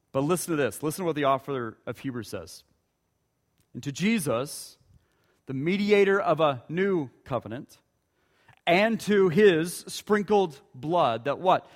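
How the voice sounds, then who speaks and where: A man preaching a sermon as pastor, emphatic, slowing down and dropping his voice low on key words. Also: big-room sound.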